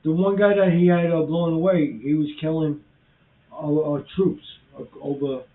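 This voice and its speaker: A man's voice: a little high, fairly even intonation, normal speed. A man in his sixties, emphatic and repeating his points in a casual political chat. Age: 60s. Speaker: co-host. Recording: tinny phone-like line.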